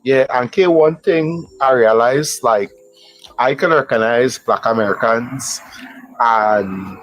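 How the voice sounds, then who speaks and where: A man's voice: medium pitch, slow, poor audio. A man from Trinidad with a Trinidadian accent, calling into a casual live stream and speaking hesitantly with many fillers and restarts. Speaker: caller.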